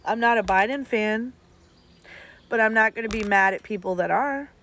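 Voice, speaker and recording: A woman's voice: a little high, normal speed, fairly bright tone, a little hiss or hum. A woman, chatting casually and bluntly to her viewers as a streamer, swearing freely. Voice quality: blunt and profane, talks straight at viewers. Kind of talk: casual chat.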